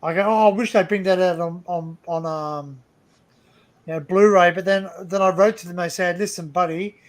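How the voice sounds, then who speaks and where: High-voiced man rambling through anecdotes. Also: steady tone, moderate pace. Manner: rambling, swears freely, tells anecdotes. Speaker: live stream host. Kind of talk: casual chat on a live stream.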